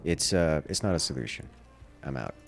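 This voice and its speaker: A man's voice: rumbling low, lively intonation, normal speed, soft background music. A man from the Southern United States with a Southern accent, chatting casually and wryly while playing a game on a livestream. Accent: generic Southern US. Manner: rambling, wry, self-deprecating asides. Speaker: livestream gamer.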